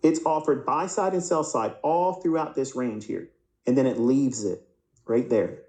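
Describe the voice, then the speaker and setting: A man's voice: mid-range voice, unhurried, mellow, echoey room, rough recording. A man teaching a live trading lecture over price charts, who asks rhetorical questions and answers them himself and often repeats or restarts words. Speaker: trading instructor.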